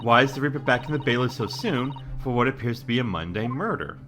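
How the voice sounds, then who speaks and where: A player reading a game's composed young female legal assistant, polite and measured. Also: mid-range voice, lively intonation, a bit bright, natural voice.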